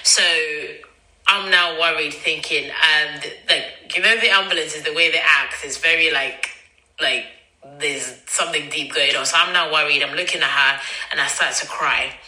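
A woman's voice: deep voice, steady tone, normal speed, bright, forceful tone. A woman, telling a personal story as podcast host in a chatty way, acting out dialogue and using many fillers. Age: 20s. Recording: roomy echo.

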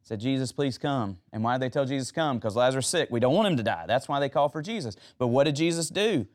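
A man's voice: medium pitch, lively intonation, fast. A man preaching a sermon, retelling Bible stories and asking the audience questions.

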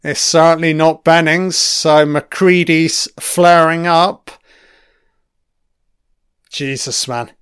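Slow, profane man doing film commentary. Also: fairly high pitch, fairly even intonation, a bit bright, clear, resonant tone, dry recording, studio quality. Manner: profane, enthusiastic, frequent swearing; rambling with trailing-off asides. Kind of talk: casual audio film commentary.

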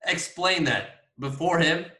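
Rambling, excitable man in an echoey room. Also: fairly high pitch, a little slow, distant mic. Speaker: podcast co-host. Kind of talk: casual chat.

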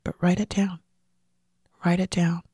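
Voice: mid-range voice, little pitch movement, measured pace, a little mellow, breathy edge, no echo, clean studio sound. A podcast host giving a motivational monologue, emphatic and repeating key phrases, sometimes dropping into a whisper for emphasis.

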